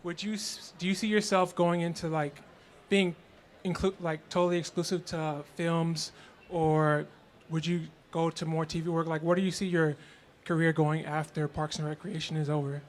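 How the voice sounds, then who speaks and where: A man from the audience asking a halting question with many restarts. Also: a little high, level tone.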